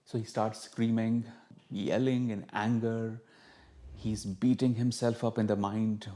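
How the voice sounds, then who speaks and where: A man, a spiritual teacher telling a story calmly to camera and acting out the inner dialogue of its characters. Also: on the low side, a little slow.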